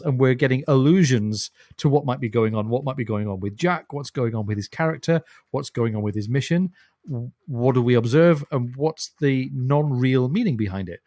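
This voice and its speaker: A man's voice: mid-range voice, darkish tone, no echo, clean studio sound. A man co-hosting a podcast, chatting thoughtfully about a novel and laughing now and then. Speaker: podcast co-host. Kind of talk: casual book discussion.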